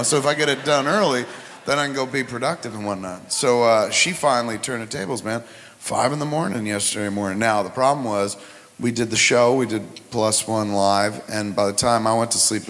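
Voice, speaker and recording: A man's voice: mid-range voice, slight background noise. A middle-aged man telling crude, profane stories as a podcast host in casual chat. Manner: profane, animated anecdotes. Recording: live hall with reverb.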